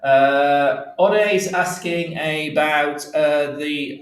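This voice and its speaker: Man giving halting live market commentary. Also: on the high side. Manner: halting, many fillers, talks to viewers while searching charts. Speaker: market analyst. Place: office workstation. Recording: roomy, sometimes away from the mic.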